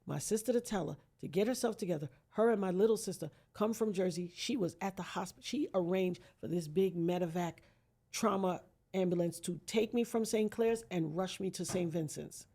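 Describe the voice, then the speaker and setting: A woman speaks at a moderate pace with a fairly low pitch, telling an emotional personal story as a podcast guest. Dramatic in manner, she takes on others' voices and ranges from hushed to nearly shouting.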